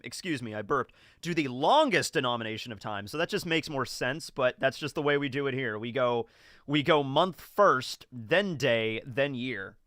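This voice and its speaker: A man's voice: mid-range voice, fairly bright tone, no room sound, clean studio sound. A young American man casually chatting on a livestream, rambling and joking as he reads viewer messages. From United States. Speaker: livestream host reading chat.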